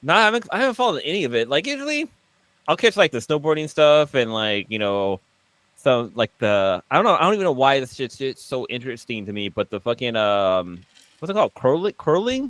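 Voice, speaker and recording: A man's voice: brisk, no echo. A man co-hosting a podcast, telling stories in casual, profane chat. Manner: animated storyteller, swears freely, lively pitch. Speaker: podcast co-host.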